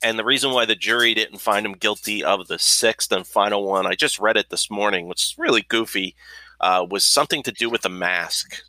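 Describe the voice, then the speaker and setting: Bright-voiced podcast host, low and dry. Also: male voice, brisk, no echo. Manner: swearing, joking, filler-heavy. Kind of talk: casual podcast chat.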